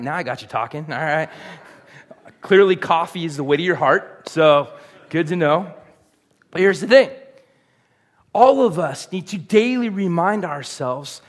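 A man's voice: a little high, a bit bright. A middle-aged man, preaching a sermon in a casual, conversational way and putting questions to the congregation. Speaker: pastor.

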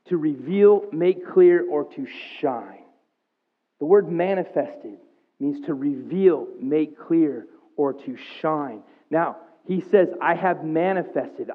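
A man preaching a sermon to his church, talking conversationally and rising in pitch and volume as he gets excited. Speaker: pastor. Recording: tinny phone-like sound.

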